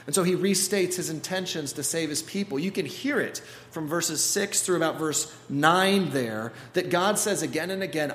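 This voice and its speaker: A man preaching a sermon as pastor, animated and acting out the voices he quotes. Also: a little high, moderate pace, hardly any pauses, slight background noise. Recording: echoey hall with faint ambience.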